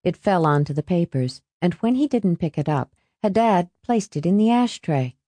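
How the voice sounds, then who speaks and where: Woman audiobook narrator, very low voice, mellow tone, dry close sound, steady reading. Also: moderate pace, dry recording. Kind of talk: scripted narration.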